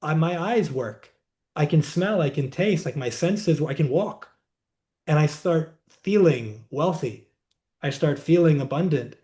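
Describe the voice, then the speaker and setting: Mellow-voiced man talking reflectively. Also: on the high side, expressive. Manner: reflective, unhurried, says "like" often. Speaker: podcast guest, wellness doctor. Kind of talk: conversational interview, teaching. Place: indoor room, seated.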